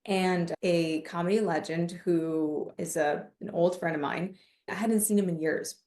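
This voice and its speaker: A woman guest on a podcast, a comedian and mindfulness coach, telling stories in a lively, casual way and acting out the voices of people she quotes. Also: lowish voice, measured pace, reverberant. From United States. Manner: animated, acts out quoted voices in her stories. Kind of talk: casual interview storytelling.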